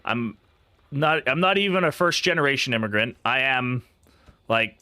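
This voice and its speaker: A young English-born man streaming a game, chatting casually in a rambling, swearing, animated way. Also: mid-range voice, normal speed, smooth, dry recording. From England. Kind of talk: casual live-stream chat while gaming.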